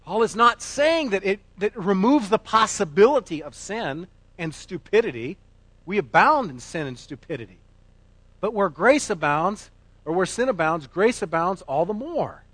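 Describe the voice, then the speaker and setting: Emphatic high-voiced male preacher. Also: sing-song, moderate pace, no echo. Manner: emphatic, swinging from loud declarations to quiet asides. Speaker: pastor. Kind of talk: sermon.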